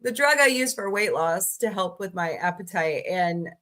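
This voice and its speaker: A woman hosting a casual livestream, greeting viewers by name and listing her channels, tired and low on energy today. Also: animated, normal speed, a bit bright. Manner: chatty, greets viewers by name, rattles off lists. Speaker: livestream host.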